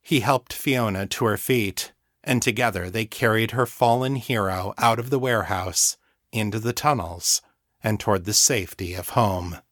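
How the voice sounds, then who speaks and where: A man reading his own fantasy novel as an audiobook, in a steady, measured storytelling voice. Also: fairly low pitch, dry recording, studio quality. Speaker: author and audiobook narrator. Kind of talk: scripted audiobook narration.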